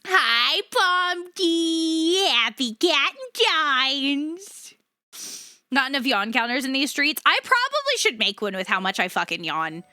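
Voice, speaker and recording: A woman's voice: high voice, sing-song, slow, sharp tone, no echo, studio quality. A woman streaming live, chatting casually with her viewers, laughing often and swearing freely.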